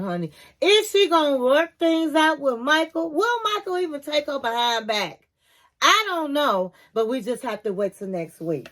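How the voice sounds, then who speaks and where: Chatty high-voiced woman recapping a show. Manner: chatty, opinionated, animated storytelling. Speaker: reality TV recap vlogger.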